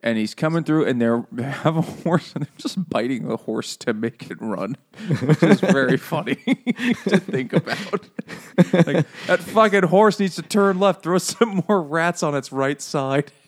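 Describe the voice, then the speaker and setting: A man's voice: fairly high pitch, expressive, a little slow. A man co-hosting a casual book-club podcast, joking, swearing and acting out silly voices while retelling the story. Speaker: podcast co-host.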